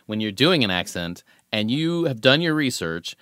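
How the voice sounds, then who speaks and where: A man's voice: medium pitch, sing-song, moderate pace, fairly bright tone, clean tone, no echo, clean studio sound. A man interviewing a guest in a casual chat, asking hesitant, thoughtful questions and agreeing often.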